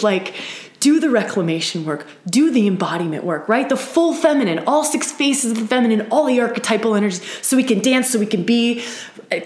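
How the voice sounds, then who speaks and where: A woman's voice: fairly high pitch, echoey room. A woman leading an online women's circle, talking in an earnest, emphatic way with frequent "right?" asides and restarts. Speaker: circle leader. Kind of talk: live-streamed spiritual talk.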